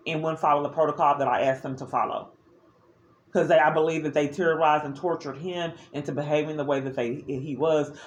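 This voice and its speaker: A woman's voice: deep voice, muffled recording. A woman recording a personal video diary, speaking earnestly and with agitation, often restarting her sentences.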